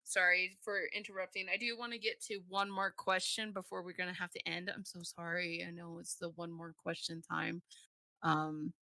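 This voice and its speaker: A woman hosting a casual online talk show, chatty and quick to laugh, often trailing off mid-thought. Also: lowish voice, little pitch movement, pushed and bright, no room sound, studio quality. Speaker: podcast host. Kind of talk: casual chat. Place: lived in the UK.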